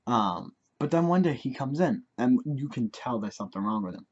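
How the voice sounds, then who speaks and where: A man's voice: medium pitch, animated, moderate pace, slightly rough, muffled recording. A teenage boy telling a story from his life in a rambling way, full of fillers. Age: teens. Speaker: vlogger. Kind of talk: casual storytelling.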